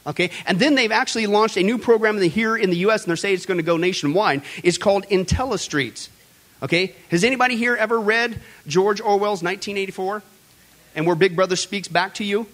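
A man with a high speaking voice hosts a commentary show. He preaches emphatically and keeps calling out to his listeners in a folksy way. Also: a little fast, a bit bright. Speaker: host. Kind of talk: preaching commentary on current events.

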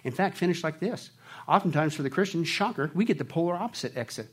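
A male pastor preaching a sermon, swinging between hushed near-whispers and loud, fervent delivery. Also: on the high side, animated, quick pace, slightly rough.

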